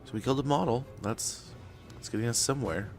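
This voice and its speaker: A man's voice: medium pitch, fast talker, faint music behind. Chatty young man streaming a game. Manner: rambling and chatty, many fillers and laughs. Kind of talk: casual gameplay chat.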